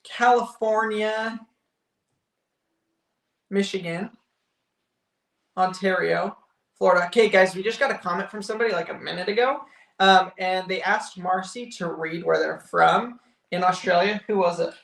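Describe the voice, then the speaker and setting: A young man chatting casually on a family live stream, easygoing and quick to laugh. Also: sits high, creaky, a bit bright. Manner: easygoing, laughs often, talks over partner. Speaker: vlog co-host. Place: home office room. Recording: roomy echo.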